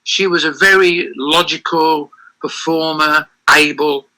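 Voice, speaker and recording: Animated older man reminiscing. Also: a little high, a little slow, low-quality recording. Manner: animated, rambling anecdotes with many restarts. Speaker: interview guest. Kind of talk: reminiscing interview over a call.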